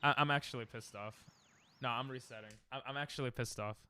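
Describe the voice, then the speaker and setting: A young man chatting casually and excitably while he streams a speedrun, joking and breaking into laughter. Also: mid-range voice, a little fast, slight background noise. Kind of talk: casual gaming stream chat.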